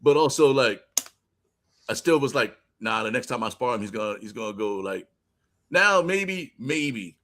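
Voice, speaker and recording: A man with an ordinary mid-range voice telling loose, animated stories. He laughs often and lets some asides fall to a mumble. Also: medium pitch, normal speed. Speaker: co-host. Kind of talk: casual podcast banter.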